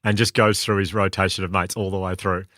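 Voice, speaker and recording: Male host, low voice, quick and enthusiastic, dry close sound. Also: little pitch movement, pushed and bright, dry recording. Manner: quick, self-correcting, enthusiastic. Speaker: podcast co-host. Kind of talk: casual chat.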